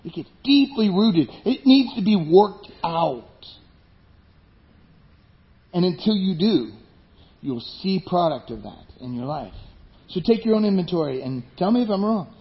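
A man preaching a sermon, animated, acting out the voices of people in his stories. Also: sits high, moderate pace, lo-fi sound. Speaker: pastor.

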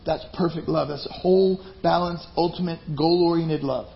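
A man's voice: fairly high pitch, steady tone, moderate pace, gravelly. A man preaching a sermon as pastor, emphatic and conversational. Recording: dull lo-fi recording.

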